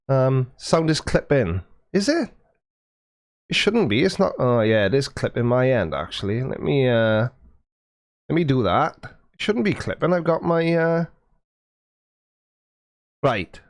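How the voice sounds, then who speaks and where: A livestream host, a man with a slightly high and expressive voice, chats and jokes with viewers and reads their messages while adjusting his settings. He speaks a little slowly with long pauses, into a studio mic fitted with a foam windscreen, and the sound is clean with no echo.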